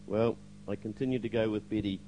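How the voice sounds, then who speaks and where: A man's voice: fairly low pitch, fairly even intonation, fairly quick, muffled recording, background noise. An older man giving a spoken testimony to a church congregation, hesitant with fillers, now and then acting out the lines he quotes.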